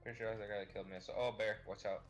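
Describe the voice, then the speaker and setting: A man with a fairly low voice talking fast in casual gaming chat. He is brisk and practical and keeps calling out quick warnings to his teammate. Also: flat delivery, lo-fi sound, soft background music.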